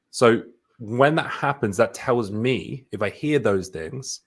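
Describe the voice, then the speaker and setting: Low-ish voiced guy talking sales in an interview, lively, keeps restarting sentences. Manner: animated, acts out quotes, many restarts. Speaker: sales expert guest. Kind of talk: casual interview chat.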